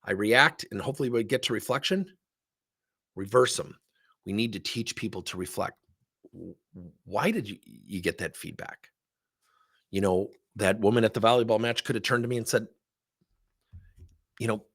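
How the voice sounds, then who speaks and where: A man's voice: medium pitch, moderate pace, slightly rough. A middle-aged man giving a motivational talk on leadership, telling anecdotes with plenty of rhetorical questions. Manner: animated storytelling, rhetorical questions. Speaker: leadership speaker.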